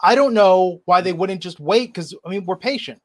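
High-voiced man reading super chats. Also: normal speed. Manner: chatty, reads viewer messages aloud. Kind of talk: casual wrestling chat.

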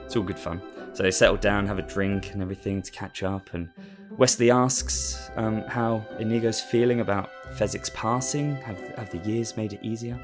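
A man's voice: fairly low pitch, moderate pace, hardly any pauses, music in the background. A man casually recapping a story as host, rambling with lots of fillers and laughing at himself. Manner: rambling, with many fillers and restarts, and amused.

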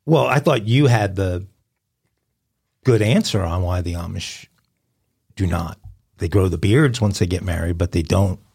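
Un homme qui co-anime un podcast en bavardage décontracté, hésitant et blagueur. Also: male voice, sits low, a little slow, gravelly, long pauses, darkish tone, breathy edge. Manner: rambling, hesitant, joking. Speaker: co-host. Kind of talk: casual podcast banter.

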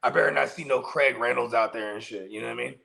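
A man's voice: mid-range voice, fast talker, gravelly, pushed and bright. A man co-hosting a casual fantasy football show, talking in laid-back slangy banter. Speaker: co-host. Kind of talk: casual podcast chat.

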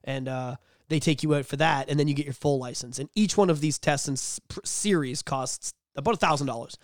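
A man's voice: fairly high pitch, brisk, dry recording, clean studio sound. Blunt, swearing man on a podcast. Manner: profane, blunt, sarcastic. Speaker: podcast co-host. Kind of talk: casual podcast chat.

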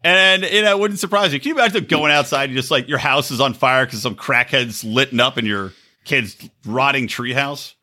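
A man's voice: mid-range voice, brisk, few pauses. A man hosting a casual podcast chat, telling stories and acting out other people's voices. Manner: animated storyteller, acts out quoted voices. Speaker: podcast host.

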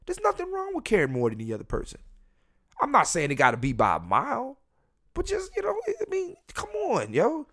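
Blunt, profane man with a lively pitch. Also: fairly quick. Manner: profane, blunt, talks straight to the listeners; repeats words and restarts often. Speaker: podcast host. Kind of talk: casual solo podcast rant. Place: home room near a window.

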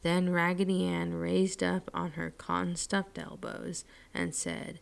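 A woman storyteller reading a children's story aloud in a slow, soothing way, dropping her voice at line ends. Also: lowish voice, creaky.

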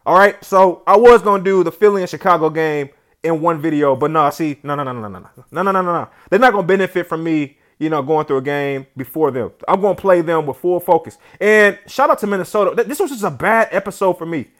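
Excitable slangy gamer man. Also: fairly high pitch, fast. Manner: excitable, swings from yelling to muttering; slangy and chatty. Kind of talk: let's play commentary.

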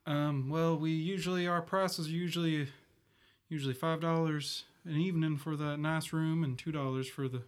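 Man doing a bashful twelve-year-old desk clerk, pitched up high, stammers and gushes in a folksy way. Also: fairly even intonation, normal speed, clean tone, close to an everyday voice. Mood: flustered. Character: young blond boy hotel clerk, bashful, flustered.

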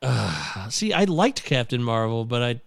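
A man's voice: medium pitch, unhurried, gravelly, no room sound. A man hosting a casual movie-discussion podcast, opinionated and steering the talk toward wrap-up. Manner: animated, opinionated, wraps up segments.

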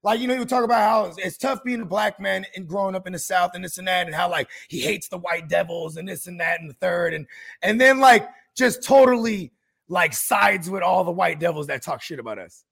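A man hosts a casual podcast chat in a high, gravelly voice. He tells the story in a profane, animated way and acts out each quote. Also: brisk. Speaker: podcast host.

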